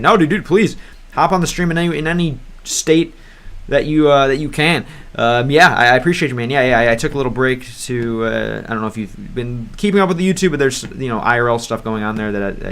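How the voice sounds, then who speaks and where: A man's voice: mid-range voice, brisk, fairly bright tone. An American man streaming a game, chatting in a rambling, hesitant way and sounding out foreign words as he goes. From United States. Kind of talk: livestream gameplay chat.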